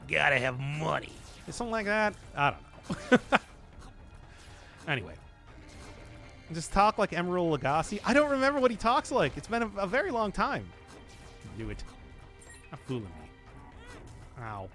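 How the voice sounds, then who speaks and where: Brief: male streamer, high and very animated voice, rambling jokes, faint music underneath. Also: normal speed, pauses often. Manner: jokey, rambling, chatting with viewers. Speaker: game streamer. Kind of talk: casual gaming stream chat.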